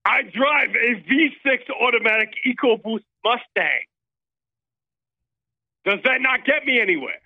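A man's voice: high voice, sing-song, fast, hardly any pauses, no room sound. A man calling into a show, doing an exaggerated fake foreign accent as a pompous middle-aged male pundit. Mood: gloating. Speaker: caller. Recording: dull phone-line call audio.

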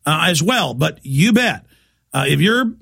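A man's voice: on the high side, lively intonation, unhurried, vocal fry, fairly bright tone, husky. A man hosting a talk radio show, delivering a heated, emphatic monologue.

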